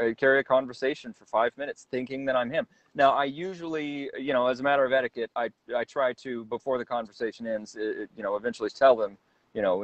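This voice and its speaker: Halting man on a dull, dry line. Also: mid-range voice, no room sound. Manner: halting, rambling storyteller. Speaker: guest, celebrity impersonator. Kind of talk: casual interview chat.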